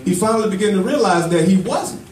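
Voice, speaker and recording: High-voiced male preacher in echoey church. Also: expressive, fast talker, a little mellow, slight background noise. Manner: storytelling preaching with call-and-response. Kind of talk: sermon. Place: church with congregation. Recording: echoey church from far off with congregation.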